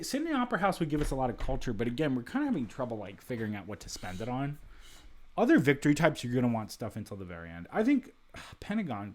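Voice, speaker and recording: A man's voice: medium pitch, darkish tone. Man casually thinking aloud over a game. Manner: thinks aloud with frequent restarts and asides. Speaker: let's play host. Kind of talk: casual video game commentary.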